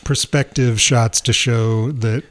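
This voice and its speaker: A man's voice: mid-range voice, steady tone, slow pace. A man in casual film-podcast chatter, voice sitting right in the middle of the male range. He rambles through his thoughts, doubling back on words and laughing at his own notes. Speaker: podcast co-host.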